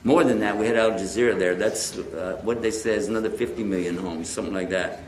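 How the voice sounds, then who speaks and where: A man's voice: lowish voice, quick pace, darkish tone. A man preaching to a live audience, telling a story and acting out both sides of the conversation. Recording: echoey hall with faint noise.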